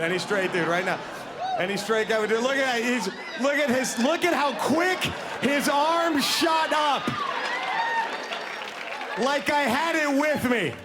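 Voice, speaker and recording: High-voiced man doing loud stand-up. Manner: animated, shouting punchlines, acting out characters in high voices. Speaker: stand-up comedian. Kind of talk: stand-up comedy set. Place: comedy club stage with laughing audience. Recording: noisy live club recording.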